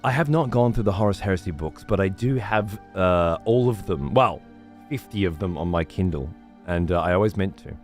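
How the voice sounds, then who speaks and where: Low-voiced man swearing through a rambling chat. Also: animated, moderate pace, soft background music. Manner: rambling, heavily profane. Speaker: streamer. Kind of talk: casual chat while gaming.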